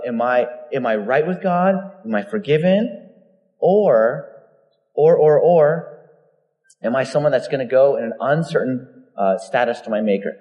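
A man preaches a sermon, weaving in stories and briefly taking on the voices of the people in them. His voice sits in an ordinary middle pitch. The sound rings with the long reverb of a large hall. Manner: storytelling, animated, acts out quoted voices. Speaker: pastor.

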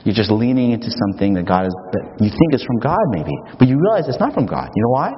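A male pastor preaching a sermon in an animated, emphatic storytelling manner. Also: medium pitch, quick pace. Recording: echoey hall, dull, faint hiss.

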